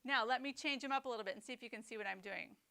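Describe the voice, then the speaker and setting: A woman teaching a snare drum etude, explaining rhythm and phrasing in a clear, methodical way. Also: fairly high pitch, very fast, loud music behind the voice. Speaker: percussion teacher. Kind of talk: instructional lesson.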